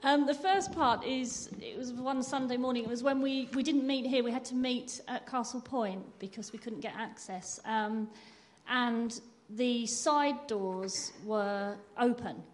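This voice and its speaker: A woman's voice: fairly high pitch, a little slow, hardly any pauses. Woman telling a church testimony. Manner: candid storytelling, self-deprecating laughs. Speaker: church member sharing testimony.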